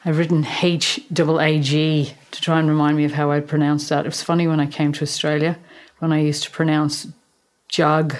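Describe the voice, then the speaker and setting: A middle-aged Irish woman hosting a podcast, telling a personal story in a measured, gently humorous way. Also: low voice, flat delivery. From Ireland. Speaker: podcast host, therapist. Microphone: podcast microphone in a small room.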